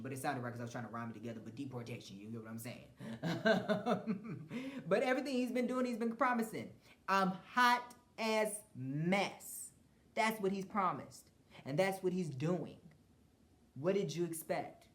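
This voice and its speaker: A man's voice: high-pitched, fairly bright tone. A man hosting a podcast, giving a blunt, profane political rant with frequent mocking laughs and stumbling restarts. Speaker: podcast host. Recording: roomy echo.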